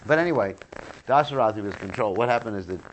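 A man's voice: fairly low pitch, expressive, very fast, dull audio. A man teaching a religious class, retelling scripture stories in a chatty, joking way and asking his audience questions, in a noisy recording. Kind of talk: humorous scripture storytelling class.

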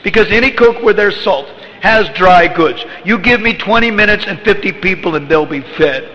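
Bright-voiced man giving a rambling talk. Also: sits high, moderate pace. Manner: rambling, conversational, chuckling, many "you know"s. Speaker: spiritual teacher. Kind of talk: informal religious talk. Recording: echoey hall, dull lo-fi with faint noise.

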